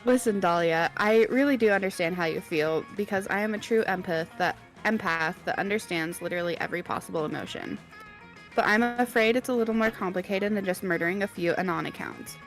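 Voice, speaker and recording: A woman voicing a smooth-talking young male brand manager with an upbeat, persuasive manner. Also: mid-range voice, a little fast, soft background music, close to an everyday voice.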